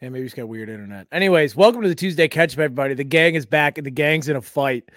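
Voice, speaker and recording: A man's voice: on the high side, racing, fairly bright tone, no echo, clean studio sound. A young man hosting a casual, comedic podcast chat, loose and joking with frequent swearing. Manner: loose, joking, swears often, does mock voices of people. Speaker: podcast host.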